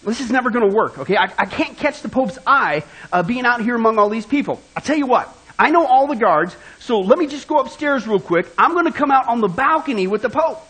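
A man's voice: very high-pitched, animated, fairly quick, sharp tone, slightly rough, full character voice. A man doing a bragging everyday guy. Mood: boastful. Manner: eager, insistent. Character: boastful everyday guy who knows everyone.

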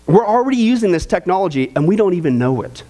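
A man's voice: sits high, quick pace. A male pastor preaching a sermon, reading scripture aloud and asking the congregation questions. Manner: animated, asks the audience questions, reads scripture aloud.

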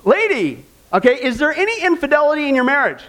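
A man's voice: very high voice, big pitch swings, fast talker, fairly bright tone, full character voice. A man voicing a male judge in a joke, questioning a woman with mounting impatience. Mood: exasperated questioning. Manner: patient questions turning impatient.

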